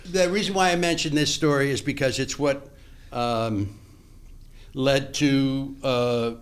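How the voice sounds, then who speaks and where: Taking his time, an older actor with a medium-pitched voice shares stories from his past as a guest on a podcast interview. His delivery is animated; he acts out dialogue from memory and often begins sentences again.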